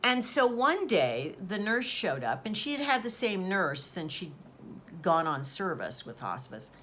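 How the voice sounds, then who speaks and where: A woman's voice: medium pitch, very animated, unhurried, fairly bright tone, slight background noise. A woman host chatting casually as she retells a story, acting out quoted dialogue along the way. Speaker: channel host.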